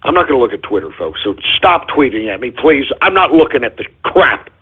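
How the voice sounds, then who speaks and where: A male radio show host with a hoarse voice, ranting in exasperation with shouted outbursts, curses and apologies. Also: mid-range voice, sing-song, a little fast. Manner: curses, then apologizes for cursing. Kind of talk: ranting call-in radio monologue. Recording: tinny phone-like lo-fi audio.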